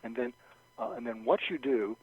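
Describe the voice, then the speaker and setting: The recording is dry with no echo, sounding dull and lo-fi, as a man with a mid-range voice gives advice as an interview's guest expert. Moving at a moderate pace, he animatedly describes techniques, performs example phrases and keeps restarting.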